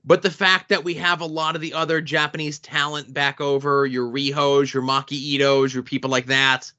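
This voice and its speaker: A man co-hosting a podcast in casual chat, dry and joking in a measured way. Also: fairly high pitch, level tone, sharp tone. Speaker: podcast co-host. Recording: dull lo-fi sound.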